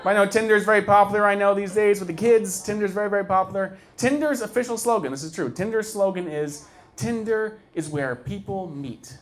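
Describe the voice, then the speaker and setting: A man in his thirties doing a stand-up comedy set, deadpan with sudden loud bursts. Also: high-pitched, fast talker, hardly any pauses.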